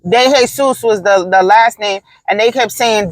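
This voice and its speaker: A woman's voice: medium pitch, normal speed, no echo, poor audio. A woman hosting a podcast, talking in a casual, blunt and profane way, with emphatic storytelling. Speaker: podcast host.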